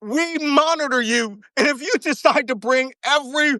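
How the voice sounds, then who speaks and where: A man's voice: very high-pitched, moderate pace, bright, forceful tone, no room sound. Brief: ex-navy man, guest commentator, emphatic and foul-mouthed, dry sound. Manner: profane, ranting, emphatic. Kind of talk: heated talk-show commentary.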